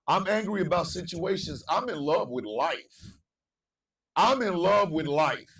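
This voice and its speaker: A male morning show host, delivering an impassioned monologue, repeating phrases and swinging from low murmurs to shouting. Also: lively intonation, moderate pace, creaky, distant mic.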